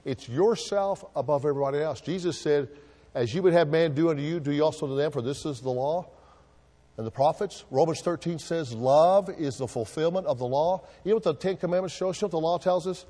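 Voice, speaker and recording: A man's voice: fairly high pitch, fairly quick, dark tone, big-room sound. A male pastor preaching a sermon, drawing answers from the congregation with call-and-response questions.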